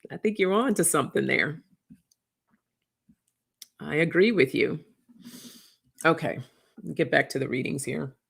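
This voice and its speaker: An oracle card reader hosting a casual livestream, chatting warmly with viewers, reading out their comments and getting emotional. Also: medium pitch, expressive, a little slow, creaky, pauses often, husky. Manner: effusive, reads viewer comments aloud, gets emotional.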